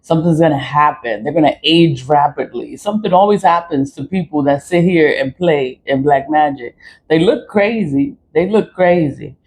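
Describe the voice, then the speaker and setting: A woman vlogging in a casual monologue from a city high-rise apartment. She rambles, repeats phrases and mimics other people in quoted asides. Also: normal speed, a little mellow, slightly rough, poor audio. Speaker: spiritual vlogger.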